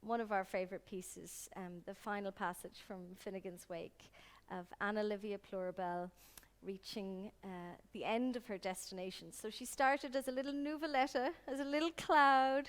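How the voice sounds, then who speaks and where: A woman chatting hesitantly on stage at a library event, introducing readings with many pauses. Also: mid-range voice, fairly even intonation, big-room sound. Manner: hesitant, many ums, soft and trailing. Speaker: performer and reader at a library event. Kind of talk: casual stage chat. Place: public library event room. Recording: live event with music behind.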